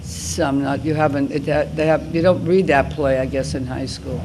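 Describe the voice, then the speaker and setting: A woman in her seventies speaking to high school students as a guest, talking informally and rambling with frequent restarts. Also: fairly even intonation, moderate pace, background noise. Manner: rambling, restarts mid-thought. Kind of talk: informal talk and Q&A.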